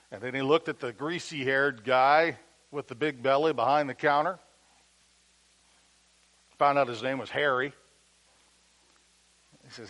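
A man preaching, telling a story in an animated way that drops to a hush at tender moments. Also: mid-range voice, measured pace, pauses often, poor audio. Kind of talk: sermon storytelling.

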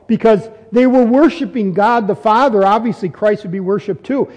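A man's voice: sits high, moderate pace, darkish tone, big-room sound. A man preaching an expository sermon, earnest and repeating phrases for emphasis as his voice rises on key points.

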